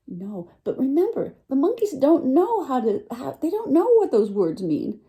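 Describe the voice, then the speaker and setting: A woman teacher reading a picture book aloud to children, animated and full of questions for her listeners. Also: high-pitched, normal speed, few pauses. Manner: animated, asks listeners questions, lively voice swings.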